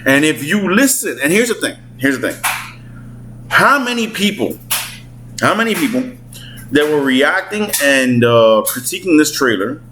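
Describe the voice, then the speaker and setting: A man in his forties giving excitable, slangy gaming commentary at home, swearing and acting out character voices. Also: a little high, unhurried, background noise. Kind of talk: casual commentary. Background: clothes dryer running.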